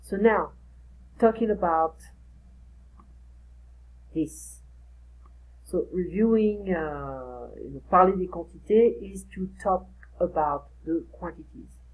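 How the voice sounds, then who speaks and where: Woman tutoring, slow and patient. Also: on the low side, a little mellow, low-quality recording. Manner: slow, explanatory, repeats phrases for practice. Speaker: French tutor. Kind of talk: recorded lesson for one student.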